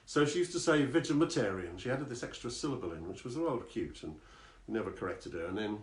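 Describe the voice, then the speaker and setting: A man's voice: on the low side, very animated, fast. A man who sings and writes songs, chatting on a live stream between comic songs, rambling and making fun of himself. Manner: rambling, self-deprecating asides. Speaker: singer-songwriter performing live. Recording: echoey room, guitar playing.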